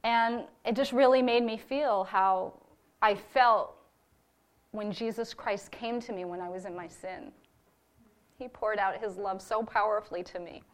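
A woman's voice: medium pitch, a little slow. A woman giving a personal testimony to her church about a ministry trip, speaking earnestly and from the heart, with fillers.

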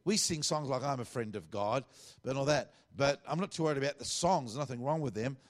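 This is a middle-aged Australian man preaching a sermon. His delivery is relaxed and conversational, full of asides and plain talk. His pitch sits in an ordinary middle range for a man. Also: a little fast.

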